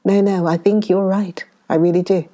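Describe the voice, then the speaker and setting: A woman's voice: mid-range voice, steady tone, moderate pace, lo-fi sound, lightly acted. A woman reading a cool, mocking gamekeeper. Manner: dry, gently mocking. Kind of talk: audiobook dialogue reading.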